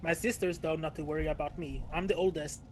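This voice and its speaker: A woman playing along with a streamer, chatting casually in a soft, hesitant way with many pauses. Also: low voice, fairly even intonation, faint music behind. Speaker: co-player. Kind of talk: casual chat while gaming.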